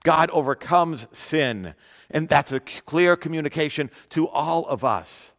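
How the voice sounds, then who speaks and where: A man preaching a sermon in an earnest way, repeating key phrases and slowing down to stress them. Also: on the high side, animated, fairly bright tone, in a large hall. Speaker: pastor.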